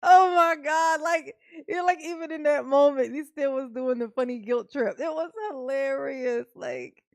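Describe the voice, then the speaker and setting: Woman reaction host, higher voice, dry close sound, animated and loose-mouthed. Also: a little slow, vocal fry, no echo. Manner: animated, laughing, swearing freely. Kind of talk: casual reaction commentary.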